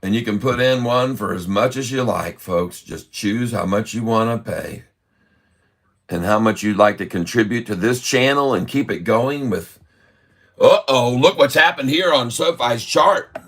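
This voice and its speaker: A man hosting a live trading stream, rambling excitedly and laughing often. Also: fairly low pitch, moderate pace. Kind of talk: live stream chart commentary.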